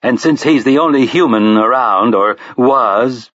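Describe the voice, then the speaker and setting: A man's voice: medium pitch, unhurried, a bit bright, no echo, muffled recording. A man voicing a friendly male maintenance robot that stutters, speaking politely and formally in a storybook reading. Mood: chatty.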